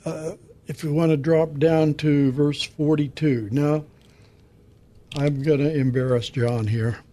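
Mellow-voiced man leading radio Bible talk. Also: on the high side, fairly even intonation. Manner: halting, reads scripture aloud and dedicates it. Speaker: radio show co-host.

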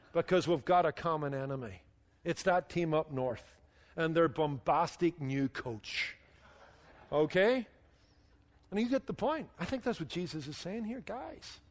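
A man preaching a sermon, telling jokes and stories in an animated way and acting out the people in them. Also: high voice. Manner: animated storytelling with voiced quotes. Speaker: pastor. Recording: hall reverb.

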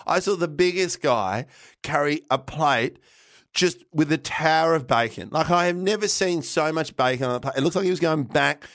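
A man's voice: a little high, normal speed, a bit bright, dry recording, clean studio sound. An Australian man and comedian telling a rambling story in casual podcast chat, full of restarts and laughter.

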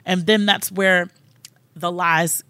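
A woman's voice: on the low side, fairly even intonation, takes it slowly, sharp tone, no room sound. A woman guest on a podcast, candidly telling a personal story with emphasis and quoting what others said. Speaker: guest sharing her story.

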